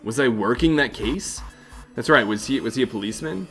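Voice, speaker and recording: A man's voice: medium pitch, animated, a little fast, fairly bright tone, soft background music. A man hosting a let's play, reading the game text aloud with casual, chuckling asides. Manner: casual, chuckling asides between read lines.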